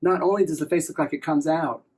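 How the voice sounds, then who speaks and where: A man's voice: on the high side, steady tone, quick pace, darkish tone, breathy edge. An enthusiastic man presenting a science demonstration, explaining optical illusions to a partner. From USA. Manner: enthusiastic, upbeat.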